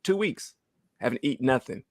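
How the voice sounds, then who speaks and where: A man's voice: medium pitch, expressive, fairly quick, darkish tone, no echo. Man in his thirties, church testimony, earnest, holding back tears, dry close sound. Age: 30s. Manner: earnest, repeats phrases, asks "right?" often. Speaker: church member giving testimony. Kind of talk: emotional personal testimony.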